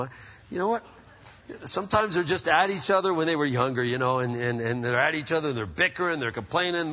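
A middle-aged male pastor preaching a sermon in an animated, conversational way, full of rhetorical questions. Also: fairly high pitch, breathy edge. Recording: dull sound with long reverb, as in a church hall.

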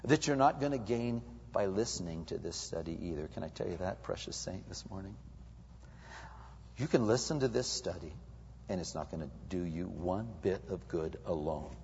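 Husky preacher in an echoing hall. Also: male voice, on the high side. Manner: animated, swings from loud to hushed. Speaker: pastor. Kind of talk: sermon. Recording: dull lo-fi recording with long hall reverb.

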